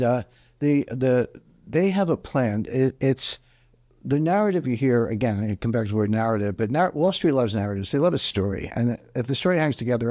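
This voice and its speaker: A man's voice: medium pitch, darkish tone, dry recording, clean studio sound. A man giving interview answers on economics in an emphatic, explanatory way, hammering home his key points. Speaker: interview guest, economic commentator.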